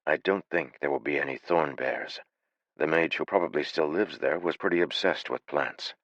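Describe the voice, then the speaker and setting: Man doing a calm leader, matter-of-fact, flat, dry muffled audiobook sound. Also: a bass voice, normal speed, dry recording. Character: calm unflappable male adventurer leader.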